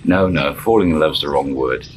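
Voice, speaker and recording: A man's voice: extremely low pitch, moderate pace, a little hiss or hum, low-quality recording. A man telling a story in a casual spoken style, chuckling and acting out the dialogue in shifting voices. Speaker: storyteller channel host.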